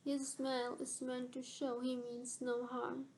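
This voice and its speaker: Woman narrator for a novel; high, even delivery, measured and steady. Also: a little hiss or hum, poor audio. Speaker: audiobook narrator.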